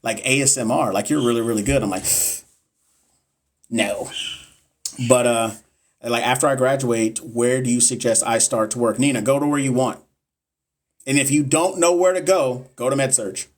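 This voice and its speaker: A man's voice: medium pitch, moderate pace, pauses often. A young man, a nurse educator on a casual live stream, answering viewers bluntly and with swearing, repeating himself for emphasis. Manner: blunt, profane, repetitive and emphatic.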